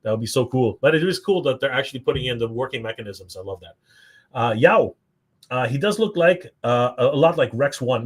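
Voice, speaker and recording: A Canadian man hosts a live toy stream, reading viewer comments aloud and chatting casually in an upbeat way, full of fillers. His mid-range voice is slightly rough, with lively intonation and a fairly quick pace.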